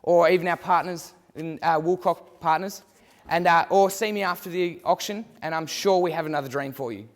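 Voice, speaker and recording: A man's voice: fairly high pitch, normal speed, slight background noise. A man calling bids in a theatrical mock auction, repeating his prompts to the crowd. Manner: theatrical, repetitive bid calling. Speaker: student auctioneer. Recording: long hall reverb.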